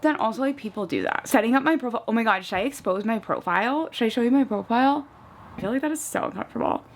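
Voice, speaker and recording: A woman's voice: fairly high pitch, fast talker. Chatty young woman vlogging at home. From US East Coast. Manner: chatty, peppered with "like", animated retellings. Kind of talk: casual get-ready-with-me chat.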